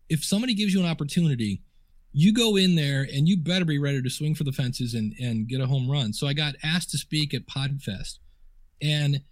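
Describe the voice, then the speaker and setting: A man's voice: fairly high pitch, no echo, clean studio sound. A man guesting on a podcast interview, telling chatty anecdotes full of quoted dialogue and fillers. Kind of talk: casual storytelling interview. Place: home office desk.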